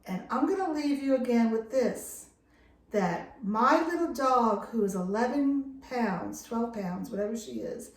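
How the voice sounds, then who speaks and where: Her fairly high-pitched voice is animated and a little slow, set in a roomy sound. The middle-aged woman, a dog care vlogger, speaks casually to camera inside a lake house, earnest and impassioned and pressing firmly on key words.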